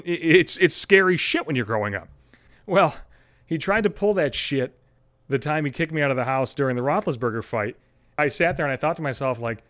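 A man's voice: fairly high pitch, fairly bright tone, no echo. Profane ranting young man, dry sound. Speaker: podcast host. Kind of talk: comedic rant.

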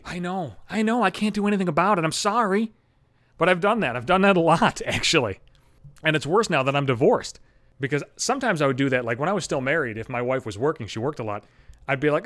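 A man's voice: fairly high pitch, animated, fast talker, a bit bright. A man hosting a solo podcast, rambling through a casual monologue full of profanity. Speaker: podcast host.

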